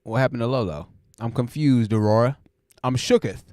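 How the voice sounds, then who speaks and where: A man's voice: mid-range voice, moderate pace, a little mellow, dry recording, clean studio sound. A man hosting a casual live stream, joking and rambling and laughing often.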